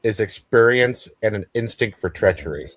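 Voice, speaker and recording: Low-voiced wry man. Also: expressive, moderate pace, dry recording. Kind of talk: casual chat.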